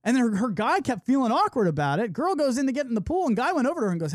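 A man hosts a podcast and tells a story in casual chat, acting out each person he quotes. His pitch swings widely as he talks. The sound is dry and close, with no room echo. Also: very animated, rapid-fire, few pauses. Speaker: podcast host. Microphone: studio mic.

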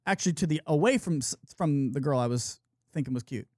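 A man's voice: a little high, a little fast, a little mellow, no echo, studio quality. A man hosting a podcast, telling a long story in casual chat and acting out the people in it. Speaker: podcast host. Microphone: studio mic.

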